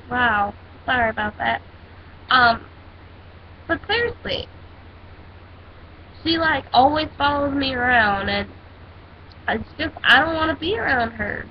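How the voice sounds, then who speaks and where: A teenage girl ranting in a casual vlog, telling a story in a sassy, dramatic way. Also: high-pitched. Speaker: vlogger. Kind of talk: casual rant. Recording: dull lo-fi with faint hiss.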